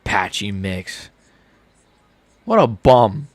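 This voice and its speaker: A man's voice: lowish voice, very animated, extremely slow. A young man hosting a live fight reaction, ranting heatedly and swearing. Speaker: MMA channel host.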